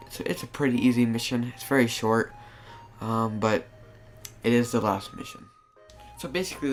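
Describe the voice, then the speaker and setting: A man giving casual, rambling commentary over his gameplay, often restarting his sentences. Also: medium pitch. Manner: rambling, with frequent restarts and filler words. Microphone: new desktop microphone.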